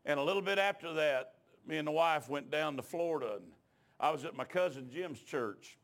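A man's voice: fairly high pitch, lively intonation, brisk. Folksy middle-aged preacher man. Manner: folksy and emotional, rising to shouted preaching. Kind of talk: storytelling sermon.

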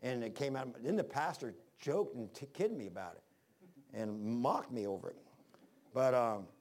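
A man's voice: mid-range voice, expressive, normal speed, a little mellow. Folksy guy preaching, rambles and restarts a lot, tells stories from the pulpit, medium voice. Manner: homespun, rambling, frequent restarts; reads scripture in old-fashioned wording. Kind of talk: folksy sermon with personal stories.

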